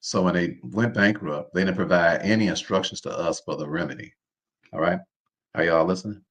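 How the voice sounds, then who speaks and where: A man's voice: sits low, a little fast. A man hosting a live online seminar. He talks in an informal, preacher-like way, repeats his phrases and keeps calling on the listeners to respond. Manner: preacher-like, calls on the audience to respond. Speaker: host.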